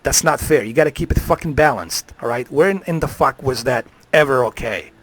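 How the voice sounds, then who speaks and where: A man's voice: medium pitch, brisk. A man ranting on a live stream, heated and profane, swearing freely.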